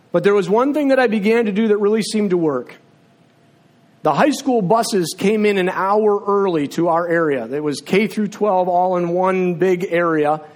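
Fairly high-voiced man preaching a sermon. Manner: conversational storyteller, drops to a low hushed voice in prayer. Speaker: teacher. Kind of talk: sermon with personal storytelling and prayer. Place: church sanctuary with seats. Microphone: filmed on camera while preaching.

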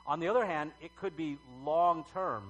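A middle-aged man preaching a sermon as pastor, talking conversationally with halting fillers and emphatic swells. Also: on the high side, breathy edge, rough recording.

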